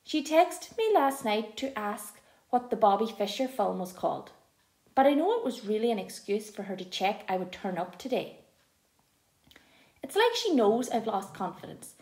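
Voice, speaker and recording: A woman's voice: a little high, normal speed. Woman narrating an audiobook expressively. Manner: expressive, lively storytelling. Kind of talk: first-person audiobook narration. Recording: echoey room.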